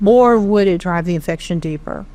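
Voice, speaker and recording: Middle-aged woman from texas telling her story, candid and lively, a bit low-pitched. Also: normal speed. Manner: animated, candid, self-deprecating storyteller. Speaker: charity founder, interview guest. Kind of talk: conversational storytelling.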